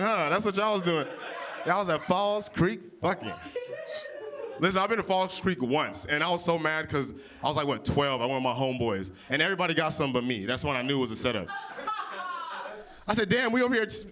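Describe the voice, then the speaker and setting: A young man from Oklahoma doing improvised stand-up on a small stage, pitched a little high. He jokes loudly and brashly, swears freely, and teases the crowd for topics. His delivery stays playful and punchy. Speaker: stand-up comedian. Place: winery comedy stage before a live audience.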